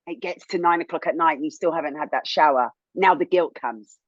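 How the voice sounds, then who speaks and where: An interview guest who is a TV presenter shares a hard personal story in emotional testimony, candid and animated, her voice swinging high when she's indignant. She talks a little fast, and the audio is dull with no room sound.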